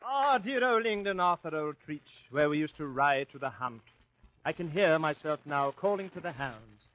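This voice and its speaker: A man's voice: sits high, sing-song, measured pace, bright, forceful tone, full character voice, low-quality recording. A man hamming up a pompous toff Englishman. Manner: blustering, full of posh slang. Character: pompous fake upper-class Englishman, man. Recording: old radio broadcast, hiss.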